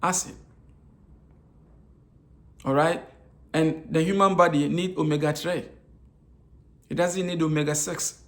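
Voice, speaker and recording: This man's fairly high voice stays steady and a little slow, broken by long pauses. He's an African speaker giving an informal health lecture on nutrition, asking rhetorical questions and answering them, repeating key phrases, and using many hesitation fillers.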